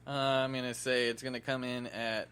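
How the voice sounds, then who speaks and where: Bright-voiced man, dry co-host. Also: medium pitch, little pitch movement, moderate pace, clear, resonant tone. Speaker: podcast co-host. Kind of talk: casual podcast chat.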